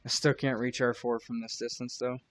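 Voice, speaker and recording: Man, tabletop game player, relaxed, casual, middle pitch. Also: fairly quick.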